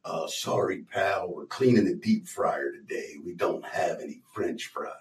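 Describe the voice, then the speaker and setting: A man voicing a surly fast-food worker in a low, drawling, sarcastic voice. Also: animated. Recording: roomy, mic at a distance.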